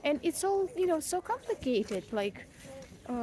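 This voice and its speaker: A woman's voice: sits high, sing-song, measured pace, dark tone. A young mother venting in a casual, rambling vlog, frank and self-mocking, with frequent swearing and fillers. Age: young adult. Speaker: vlogger, mother.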